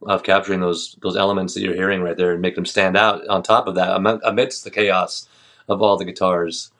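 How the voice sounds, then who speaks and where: Fast-talking deep-voiced man. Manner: relaxed storytelling, laughs easily. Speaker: band vocalist, guest. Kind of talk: casual interview chat.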